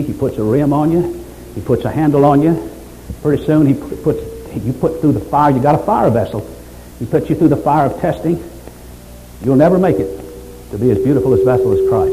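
A man's voice: medium pitch, warm tone, a little hiss or hum, poor audio. Fervent preacher, man. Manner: preaching, rising to fervent exhortation. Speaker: pastor. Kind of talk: sermon.

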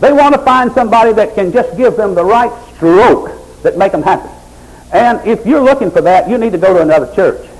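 A middle-aged male pastor preaching a sermon, swinging from loud, high exhortation to low, quiet pleading. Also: expressive, brisk, low-quality recording.

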